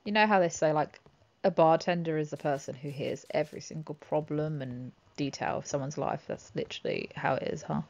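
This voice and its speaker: A woman's voice: low voice, fairly quick, vocal fry, darkish tone. A woman giving chatty, giggly let's-play commentary as she plays a farming game. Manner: chatty, giggly, talks to herself. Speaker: gaming channel host.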